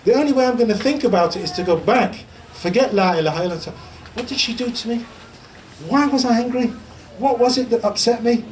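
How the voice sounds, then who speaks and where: A man's voice: very high voice, expressive, brisk. Chatty male teacher, distant mic. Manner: chatty, humorous storytelling with repeated chanting. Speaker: Islamic teacher. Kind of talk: informal teaching talk. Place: lecture room. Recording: distant mic with faint background noise.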